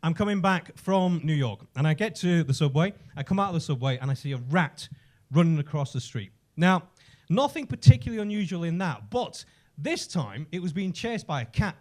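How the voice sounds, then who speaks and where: An English man doing a stand-up comedy set on a club stage, telling stories full of swearing and shouting out the punchlines. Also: fairly high pitch, brisk. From England. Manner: profane, animated storytelling with shouted punchlines.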